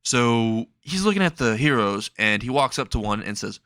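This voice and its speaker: A man's voice: mid-range voice, lively intonation, moderate pace, fairly bright tone, no echo, clean studio sound. A young man casually narrating a comedic fan story, rambling and laughing at his own jokes.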